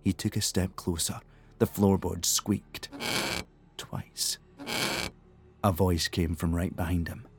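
A man narrating an audiobook thriller in a measured, tense storytelling manner. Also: sits low, fairly even intonation. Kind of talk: scripted narration.

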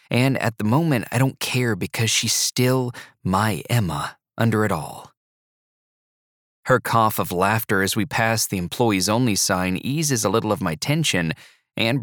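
Low-voiced male audiobook narrator. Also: animated, moderate pace, fairly bright tone, dry recording, clean studio sound. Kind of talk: first-person scripted narration.

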